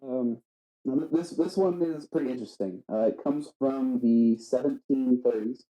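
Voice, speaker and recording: A man guesting on a podcast, telling absurd made-up facts in a deadpan, halting way with many fillers. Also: mid-range voice, low-quality recording. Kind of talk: deadpan comedic podcast chat.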